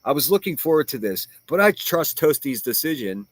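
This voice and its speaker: A man's voice: a little high, sing-song, fairly quick, no echo. Profane, mocking man ranting on a livestream. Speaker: livestream host reading chat. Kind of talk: casual livestream rant.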